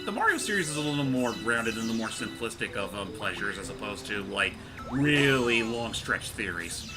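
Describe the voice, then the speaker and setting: A man chatting casually over gameplay as commentary host, rambling and animated, with casual swearing. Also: on the low side, moderate pace. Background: game music.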